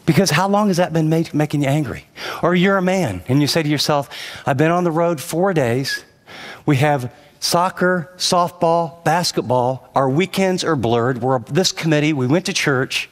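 A man's voice: a little high, moderate pace. A man preaching a sermon as a pastor, shifting between personal storytelling and urgent direct address, driving points home with repeated emphatic phrases.

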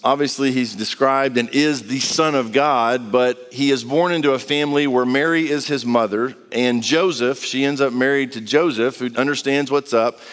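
A man's voice: medium pitch, fairly bright tone, big-room sound. A man preaching a sermon in a casual, conversational way, acting out quotes as he reads and explains scripture. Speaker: pastor.

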